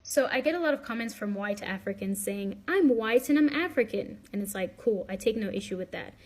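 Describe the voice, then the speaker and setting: A woman in a commentary video, speaking calmly and a little dismissively. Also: on the high side, a little fast.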